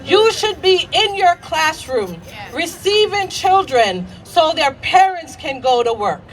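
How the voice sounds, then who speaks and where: A woman's voice: very high-pitched, very animated, takes it slowly. A childcare provider speaking at an outdoor rally, angry and shaking, repeating her points and leading the crowd in chants. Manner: angry, repeats lines and leads call-and-response chants. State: shaking with anger. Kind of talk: impassioned rally speech. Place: outdoor rally on a city green. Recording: outdoor crowd recording from a distance.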